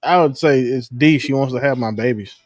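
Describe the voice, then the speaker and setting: A man co-hosting a casual podcast chat, explaining his thoughts in a halting, thoughtful way. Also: medium pitch, dry recording, clean studio sound. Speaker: podcast co-host.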